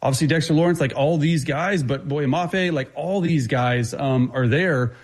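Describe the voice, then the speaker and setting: A man who is a guest football analyst, talking quickly and confidently through his breakdown, with frequent restarts. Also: on the high side. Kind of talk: casual sports talk.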